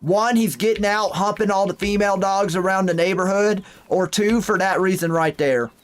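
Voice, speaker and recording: High-voiced young male game streamer. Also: moderate pace. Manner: chatty, reads chat aloud, folksy exclamations. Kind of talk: casual live-stream commentary.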